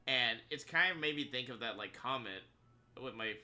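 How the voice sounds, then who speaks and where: Male streamer, casual rambling chat with lots of laughs; bright, animated voice that swings up and down. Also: mid-range voice, moderate pace. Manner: rambling, filler-heavy, laughs often. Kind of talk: casual live-stream chat while gaming.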